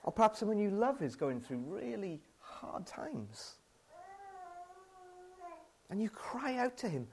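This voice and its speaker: A man's voice: high voice, sing-song, slow pace, vocal fry, pauses often, breathy edge. A man with a British accent preaching a sermon, conversational and self-deprecating, acting out his own frustrated outbursts.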